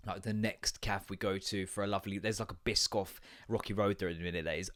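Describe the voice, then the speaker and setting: A man's voice: deep voice, fairly even intonation, quick pace, a bit bright. Sweary man rambling through stories. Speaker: podcast host. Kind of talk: casual comedic monologue.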